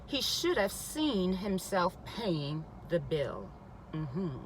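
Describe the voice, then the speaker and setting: A woman's voice: fairly low pitch, sing-song, very slow, slight background noise, rough recording. A woman reading a spiritual self-help book aloud, often stopping to repeat passages and add emphatic comments of her own. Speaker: reader.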